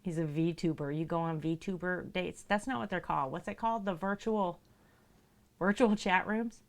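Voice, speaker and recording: A woman livestreaming who chats casually with viewers, laughs often, reads their messages aloud and talks to her cats in a sing-song voice. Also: normal speed. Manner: goes high and sing-song when talking to her cats. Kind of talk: casual live-stream chat.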